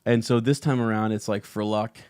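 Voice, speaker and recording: A man hosting a podcast, rambling excitedly about his favorite moments. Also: on the low side, fairly quick, clear, resonant tone, dry recording, clean studio sound. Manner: excited, rambling, quoting lines. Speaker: podcast host. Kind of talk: casual fan chat.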